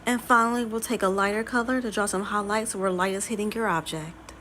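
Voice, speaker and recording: A woman hosting a drawing tutorial and reading a storybook aloud, calm and instructive. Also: medium pitch, fairly quick, few pauses, a little hiss or hum.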